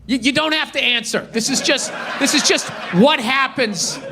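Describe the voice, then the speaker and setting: Man in his fifties, stand-up comic, very high voice, profane exasperated rants. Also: normal speed, background noise. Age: 50s. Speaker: stand-up comedian. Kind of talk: stand-up comedy routine.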